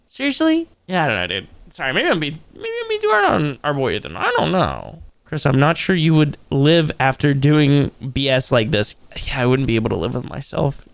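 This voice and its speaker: Brief: male streamer, gravelly, animated, swears a lot, jokes with chat. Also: fairly high pitch, no room sound. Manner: crude, joking, talks to chat. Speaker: streamer reacting to a video. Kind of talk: casual live-stream reaction.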